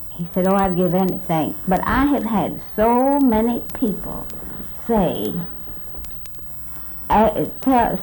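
A woman's voice: mid-range voice, creaky, mellow, slight background noise, low-quality recording. An older woman from South Texas, rambling through memories in a recorded interview, quoting what others told her and correcting herself often. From South Texas, USA. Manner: rambling storyteller, quoting others, many restarts. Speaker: oral history interviewee. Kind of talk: recorded reminiscence.

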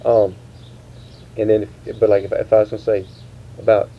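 A man interviewing, asking grammar questions in a halting way, restarting often. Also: on the low side, little pitch movement. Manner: halting, restarts, slow quoted prompts. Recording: dull lo-fi tape with faint hiss.

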